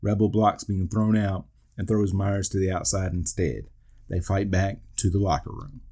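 The podcast host speaks in a low, dark voice with a steady tone at an ordinary pace. He recaps a wrestling match move by move, tossing off dry jokes and asides between his call-outs.

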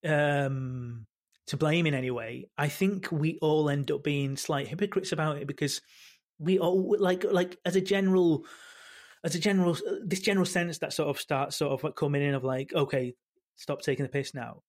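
A man, a football podcast panelist talking in a halting way full of restarts. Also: on the high side. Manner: halting, many restarts and fillers. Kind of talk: casual football chat.

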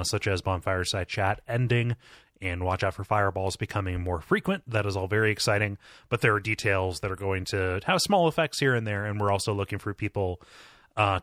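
In relaxed podcast chatter, this co-host wanders through his thoughts, restarting often and laughing a lot. His voice is fairly low and fairly bright, recorded dry with studio quality.

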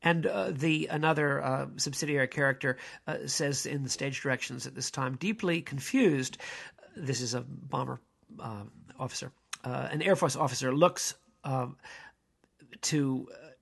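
A man, a priest, lecturing on a play in a halting, digressive way, with many fillers and restarts. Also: mid-range voice, steady tone, vocal fry, fairly bright tone, husky.

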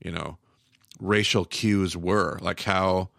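Gravelly low-voiced man musing. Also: steady tone, fairly bright tone, no echo, clean studio sound. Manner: thoughtful, halting, searching for words. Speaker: podcast co-host. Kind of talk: casual discussion.

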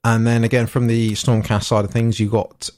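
A man's voice: medium pitch, flat delivery, normal speed, a little mellow. A man co-hosting a podcast, chatting casually about hobby news and rambling with frequent fillers and restarts. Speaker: podcast co-host. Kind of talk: casual chat about tabletop miniatures news.

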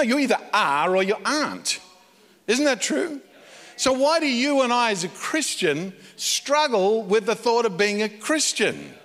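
An Australian man, a pastor, preaching a conversational sermon that swings from loud emphatic peaks to quiet low asides. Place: church. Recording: long hall reverb in a church.

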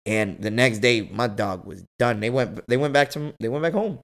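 A young man telling a story in casual, slangy podcast chat, animated and jumping high in pitch when he quotes others. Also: normal speed.

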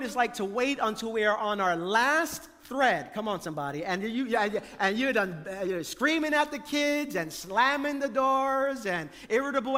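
Male pastor, sermon, high voice, emphatic repeated phrasing, long hall reverb. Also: moderate pace, hardly any pauses, sharp tone. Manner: emphatic preaching with repeated phrases and call to the congregation.

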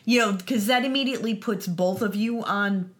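A chatty woman co-hosts a casual conversation, dropping quick agreements. She makes her points by acting out small imagined exchanges between people. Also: medium pitch. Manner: chatty, quick affirmations, acts out little quoted exchanges. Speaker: podcast co-host. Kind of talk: casual advice chat.

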